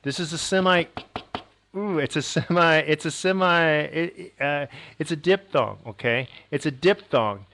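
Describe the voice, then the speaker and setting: A man's voice: a little high, unhurried, fairly bright tone. Rambling American man lecturing on accents. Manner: rambling, self-correcting, chuckles often. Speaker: language teacher. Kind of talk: casual video lecture.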